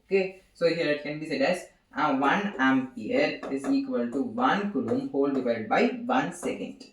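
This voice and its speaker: A young man gives an informal physics seminar, halting and repeating phrases as he writes. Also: mid-range voice, recorded from a distance. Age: young adult. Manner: halting, repeats phrases while writing on a board. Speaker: student giving a physics seminar. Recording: echoey room, voice from off-mic.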